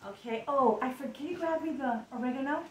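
A woman's voice: sits high, fast talker, a little mellow. A woman hosting a casual home cooking video, chatty and laughing often, talking straight to her viewers. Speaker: home cooking show host. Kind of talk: casual cooking demo chat. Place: home kitchen. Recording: echoey kitchen with faint noise.

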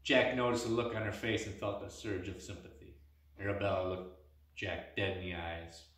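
A man's voice: sits low, moderate pace, fairly bright tone. A man reading a story aloud, with small stumbles and restarts. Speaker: reader. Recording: echoey room, mic at a distance.

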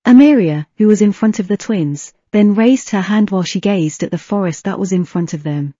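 A woman narrating a fan fiction audiobook with a steady reading pace and an occasional slip. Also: medium pitch, moderate pace, no room sound, dull audio.

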